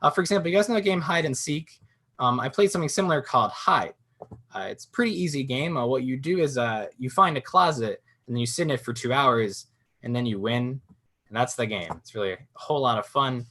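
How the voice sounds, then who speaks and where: A young man doing a stand-up comedy set from home, telling jokes with deadpan punchlines and acting out silly voices. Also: mid-range voice, fairly quick. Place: at home in a swivel chair.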